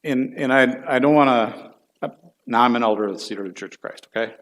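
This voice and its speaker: A man's voice: medium pitch, a little fast, fairly bright tone. A middle-aged man, a church elder, teaching a Bible class in a folksy, chatty way and putting questions to the class.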